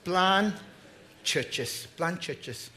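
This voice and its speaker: A man preaching a sermon to his congregation, energetic, repeating words and calling for responses. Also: sits high, drawn-out words. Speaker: pastor. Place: church hall.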